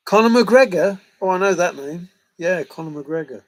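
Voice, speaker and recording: A middle-aged man whose voice sits high hosts a livestream, answering chat with jokes, laughter and casual banter with viewers. The recording is rough.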